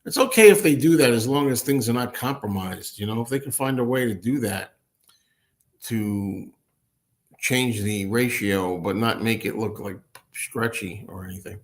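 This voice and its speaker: A man's voice: fairly low pitch, normal speed. A man hosting a casual solo livestream. He answers viewer comments indoors at a table with a laptop, rambling, thinking aloud and laughing often. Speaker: host.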